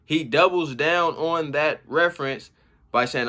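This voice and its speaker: A man giving casual, slangy commentary on rap battle bars. He reacts with laughs and shouts as he explains each line. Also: on the high side, unhurried. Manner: slangy street talk. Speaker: battle rap breakdown host.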